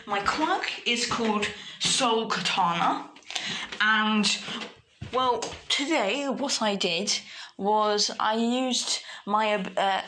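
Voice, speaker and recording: A woman doing an earnest teenage boy hero, hesitant and rambling, told in a bright, clear-edged voice. He stops and restarts, groping for words. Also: mid-range voice, a little hiss or hum. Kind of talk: casual storytelling in character.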